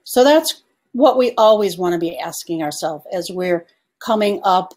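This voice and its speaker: A woman's voice: fairly low pitch, lively intonation, normal speed, a little mellow. A woman success coach giving an online coaching presentation, asking her audience questions and inviting replies in the chat.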